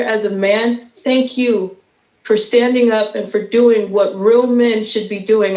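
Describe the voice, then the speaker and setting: A woman's voice: mid-range voice, a little mellow, roomy sound, low-quality recording. A woman in her thirties giving an impassioned speech as a guest on a live stream, emotional and stumbling, with nervous laughs. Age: 30s.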